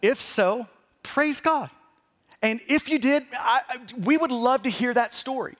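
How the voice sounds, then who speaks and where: A man's voice: very high voice, a little slow, fairly bright tone. A middle-aged man preaching a sermon to a congregation, stumbling and repeating words as he starts his sentences. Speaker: pastor.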